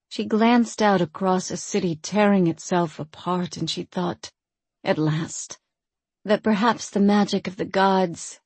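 Slow, low-voiced woman narrating a story. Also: gravelly, darkish tone, slightly rough, dry recording. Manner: measured, unhurried storytelling. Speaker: audiobook narrator. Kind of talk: scripted fantasy narration.

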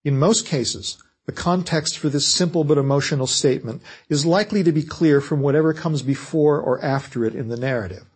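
A man giving a measured, scripted lecture on writing fiction. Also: on the high side, breathy edge. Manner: measured, explanatory delivery.

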